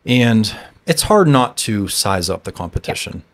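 A man hosting a podcast and coaching, talking in a relaxed, conversational way. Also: lowish voice, unhurried. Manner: relaxed, conversational, agreeing often. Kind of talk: casual conversation.

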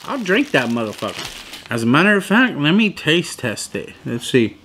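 A young man reviewing sandwiches in a casual food vlog, swearing freely and complaining loudly in disbelief about small portions. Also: a little high, normal speed, slight background noise. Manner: profane, animated, incredulous complaining.

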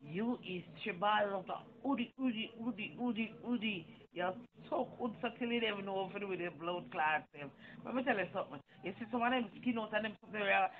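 A woman with a Jamaican accent, ranting and taunting someone in a loud, mocking sing-song patois. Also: medium pitch, slight background noise. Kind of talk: heated patois rant. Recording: tinny phone-like audio.

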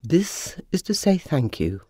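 A storyteller voicing a huge, grand male cockerel who booms slowly. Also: very animated, dark tone, dry recording, clean studio sound. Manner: booming, slow and grand.

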